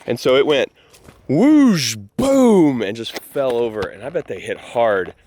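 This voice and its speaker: Animated man telling ranch stories. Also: mid-range voice, moderate pace. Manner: lively, animated storyteller acting out dialogue. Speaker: vlogger host. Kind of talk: casual vlog storytelling. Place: on a ranch, in and around a barn.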